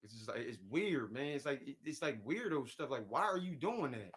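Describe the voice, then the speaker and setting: A man's voice: mid-range voice, lively intonation, moderate pace, fairly bright tone. A man hosting a casual livestream, rambling and venting, often repeating himself and reading viewer comments aloud. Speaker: livestream host.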